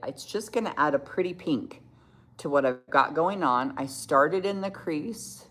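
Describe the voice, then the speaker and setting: Woman, middle-aged, low voice, casual makeup tutorial, chatty, reads out comments. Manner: chatty, reads viewer comments aloud, quick to laugh. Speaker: makeup livestream host.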